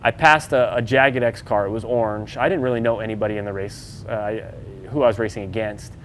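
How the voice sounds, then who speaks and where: Speaking a little fast with a steady tone, this off-road racer's voice sits on the low side. He chats loosely through his story for an interviewer, using many fillers and acting out dialogue. Slight hiss or hum runs underneath.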